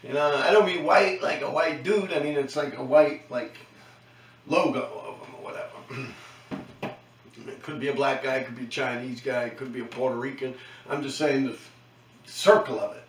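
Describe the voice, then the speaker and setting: A man's voice: medium pitch, steady tone, moderate pace, echoey room, recorded from a distance, rough recording. A middle-aged man with a New York accent, telling stories in a casual monologue, profane and slangy, tagging his lines with "man.". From New York City. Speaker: host recounting his graffiti days.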